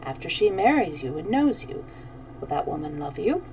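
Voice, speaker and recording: A woman reading as a dry, melancholy gentleman. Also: lowish voice, very animated, recorded from a distance, a little hiss or hum, low-quality recording. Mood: measured. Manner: slow and measured, dryly questioning. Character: melancholy middle-aged Chinese gentleman, dry, probing.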